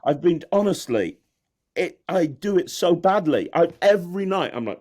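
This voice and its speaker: With a husky, darkish voice on the high side, this magician guest talks a little fast and animatedly in a candid, casual interview. He rambles, pokes fun at himself and laughs frequently.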